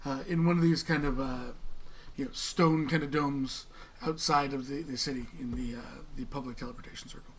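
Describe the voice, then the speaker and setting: A man narrating as game master of a tabletop game in a relaxed, rambling way. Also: mid-range voice, brisk, slight background noise. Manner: relaxed, rambling, many fillers.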